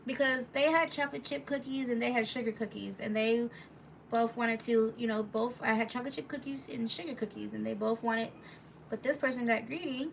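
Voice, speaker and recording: A woman's voice: fairly high pitch, fairly quick, vocal fry, recorded from a distance, slight background noise. A woman telling a story casually on a live stream, rambling and chatty with lots of asides to her viewers, reading their comments aloud as she goes.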